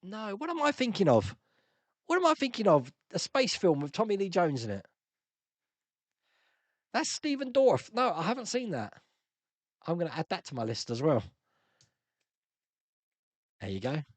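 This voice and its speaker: A man's voice: fairly high pitch, sing-song, moderate pace, pauses often, no room sound. A man hosting a casual live-stream Q&A, chatting and laughing as he answers viewer comments.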